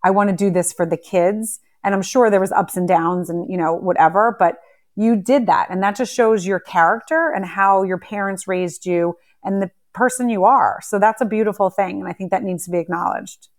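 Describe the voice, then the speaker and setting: A woman's voice: mid-range voice, normal speed. A woman in a casual chat, speaking earnestly and reflectively as she affirms the guest.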